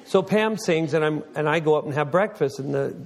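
A man's voice: a little high, brisk, vocal fry, a crowd in the background. A man telling a long, rambling story to a group in a casual, joking way, slipping into voices for the people in it.

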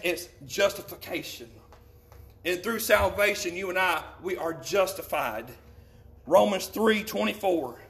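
High-voiced pastor preaching a sermon. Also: male voice, gravelly, a bit bright. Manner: reads scripture slowly and deliberately, repeats phrases. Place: church.

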